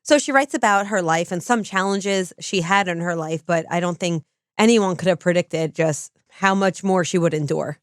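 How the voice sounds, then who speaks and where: A woman's voice: fairly low pitch, normal speed, no room sound, studio quality. A woman co-hosting a podcast, speaking in an organized, explanatory way. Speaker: podcast co-host and lecturer. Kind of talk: casual podcast chat.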